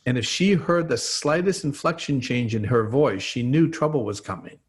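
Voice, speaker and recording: A man's voice: mid-range voice, animated, moderate pace. A man, an expert guest on a podcast, explaining trauma through everyday examples. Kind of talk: explanatory interview talk.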